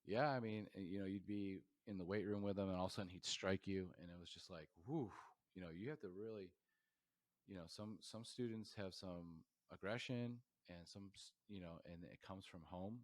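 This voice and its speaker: A man's voice: deep voice, moderate pace, no echo. A man in his thirties, a podcast guest and professor from New York State, talking in a rambling way with lots of fillers and restarts. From New York State, USA. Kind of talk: casual interview storytelling.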